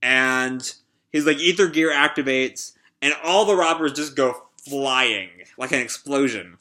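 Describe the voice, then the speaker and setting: A man's voice: medium pitch, measured pace, pushed and bright. A young man recapping a comic chapter live, rambling with many "like" and "uh" fillers. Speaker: channel host reacting to a comic chapter.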